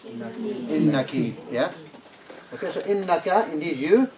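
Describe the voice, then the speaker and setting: With a slightly high voice and a fairly quick pace, this man teaches Arabic to a class, prompting students to translate and tossing in "yeah?" again and again. Crowd noise fills the background of the distant recording, which carries faint noise.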